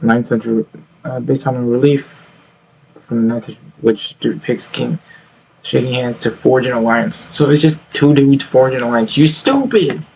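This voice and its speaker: A man's voice: medium pitch, little pitch movement, normal speed, gravelly, darkish tone, slight background noise, low-quality recording. A man streaming his reactions to videos, ranting bluntly and with plenty of swearing. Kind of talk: reaction commentary.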